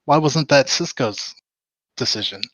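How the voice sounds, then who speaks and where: A man's voice: medium pitch, lively intonation, unhurried, fairly bright tone, dry recording, low-quality recording. Inquisitive man with a dry, close voice. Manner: inquisitive, points out inconsistencies. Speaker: watch-along participant. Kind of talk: casual chat over a voice call.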